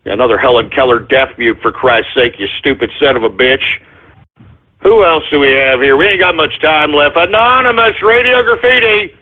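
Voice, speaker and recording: A man hosting a call-in radio show who rants, shouts and curses in exasperation at his callers. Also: fairly high pitch, normal speed, narrow, tinny audio. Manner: exasperated ranting, shouting and cursing.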